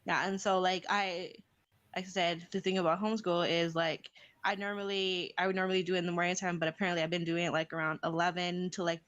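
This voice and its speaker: A woman's voice: on the low side, level tone, quick pace, a bit bright, dry recording, muffled recording. A young adult woman hosting a casual live stream chat, talking in a rambling way with many restarts.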